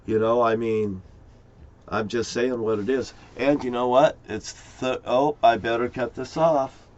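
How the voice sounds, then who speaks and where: A man's voice: medium pitch, fairly even intonation, a little slow, darkish tone. A middle-aged man, an amateur crime sleuth, rambles in a loose, profane monologue and chuckles often. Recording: dull lo-fi recording.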